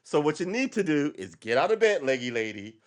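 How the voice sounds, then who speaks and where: A man's voice: a little high, sing-song, brisk. A man hosting a casual live-stream podcast, ranting in a rambling, wry way that wanders off on tangents. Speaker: podcast host.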